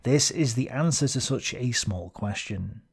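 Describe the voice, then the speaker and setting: A man hosting a history video, giving scripted narration in a measured, explanatory way with dry asides. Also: medium pitch, expressive, creaky, slightly rough.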